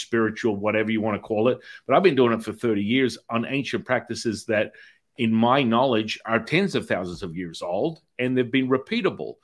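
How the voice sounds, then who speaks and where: A middle-aged man hosting an interview podcast, talking in a rambling way with restarts and anecdotes. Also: lowish voice. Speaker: podcast host. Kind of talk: conversational interview.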